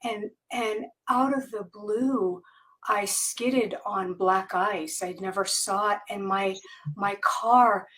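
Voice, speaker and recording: A woman guest on a podcast interview, telling a personal story candidly and haltingly, with many fillers and restarts. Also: medium pitch, steady tone, a bit bright. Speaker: guest author.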